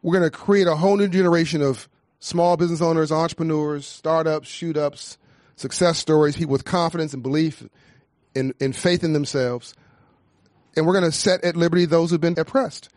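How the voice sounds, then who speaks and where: A man's voice: fairly high pitch, fairly even intonation, a little fast, darkish tone, dry recording, studio quality. A man founding a nonprofit, speaking with emphatic, preacher-like cadence and repeated phrases in an impassioned panel talk.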